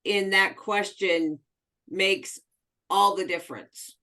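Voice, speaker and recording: A woman's voice: medium pitch, steady tone, slow, bright, forceful tone. A woman taking part in a coaching video call who adds brief, agreeable remarks. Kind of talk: casual chat on a video call.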